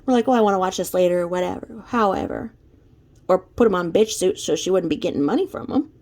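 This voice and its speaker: A woman's voice: on the low side, lively intonation, quick pace, gravelly, darkish tone. Woman ranting emphatically at her desk. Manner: emphatic, repetitive scolding. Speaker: commentary vlogger. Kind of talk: ranting commentary.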